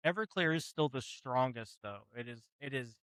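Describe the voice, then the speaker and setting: A man's voice: medium pitch, lively intonation, moderate pace, a bit bright, dry recording. A man running a tabletop game as game master, talking in a rambling, hesitant way with lots of fillers.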